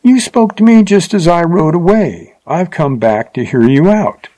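A man's voice: mid-range voice, expressive, darkish tone, poor audio. A man playing a bold, mocking young Texan. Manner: mocking, brisk.

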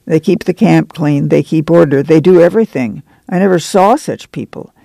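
A man reading the part of a friendly, lean camp manager who talks with easy, chatty warmth. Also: fairly high pitch, moderate pace, creaky, dry recording.

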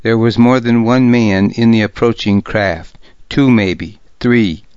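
A man narrating a historical novel in the first person, with a deliberate, gravely serious reading. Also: on the low side, a little mellow, dry recording, highs cut off. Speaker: audiobook narrator.

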